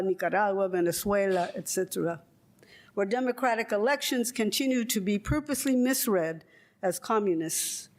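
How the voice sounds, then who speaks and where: An older woman from California reads a prepared lecture in a measured, rhetorical way and breaks off for wry, joking asides. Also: mid-range voice. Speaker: guest lecturer.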